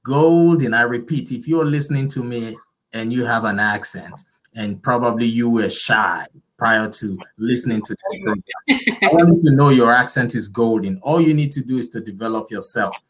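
A man's voice: medium pitch, moderate pace, a bit bright, low-quality recording. A man with a non-native English accent hosting an interview, encouraging and emphatic. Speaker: podcast host.

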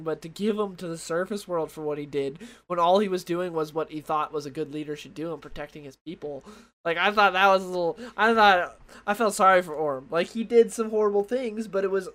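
A young man talks through a comic book he has been reading, in a loose, meandering way full of fillers and restarts. His voice sits a little high for a man, and he drops to a quiet mutter when he reads something from the page. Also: normal speed. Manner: rambling, many fillers and restarts. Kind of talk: casual chat.

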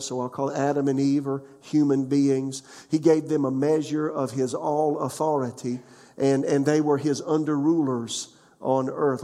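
A man's voice: mid-range voice, dark tone. Man preaching in a reverberant church. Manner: conversational preaching, asks the congregation questions. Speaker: pastor. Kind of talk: sermon.

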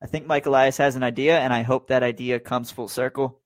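A man's voice: medium pitch, steady tone, fairly quick, no echo. A man hosting a casual sports podcast, talking in an easygoing way as he wraps up the show. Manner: easygoing, brings the show to a close. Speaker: podcast host.

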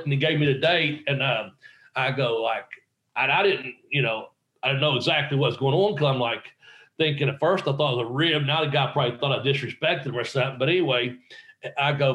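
A man's voice: mid-range voice, animated, fairly quick, fairly bright tone. A middle-aged man, a guest in an interview, telling a rambling story with swearing and quoted dialogue. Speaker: guest, wrestler. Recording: roomy echo.

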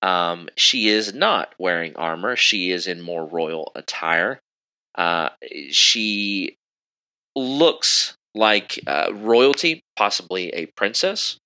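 A man's voice: sits low, expressive, takes it slowly, pushed and bright, low-quality recording. A man narrating a tabletop game as game master, describing scenes with many fillers.

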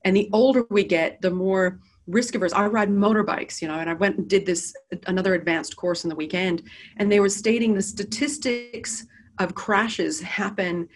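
A middle-aged woman with an American accent, a business founder telling her story as an interview guest in a candid, lively and self-deprecating way, recorded in an office. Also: mid-range voice, moderate pace.

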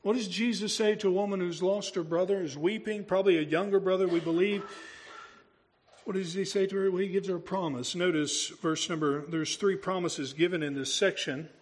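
A man's voice: high-pitched, fairly even intonation, a little fast. A male pastor preaching a sermon, talking through the story in a conversational way and asking his congregation rhetorical questions.

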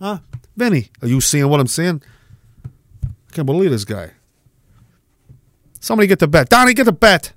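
A man's voice: fairly high pitch, sing-song, normal speed, long pauses, fairly bright tone, no echo. A man putting on the voice of a touchy Italian-American mobster with a brash tough-guy drawl. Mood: indignant.

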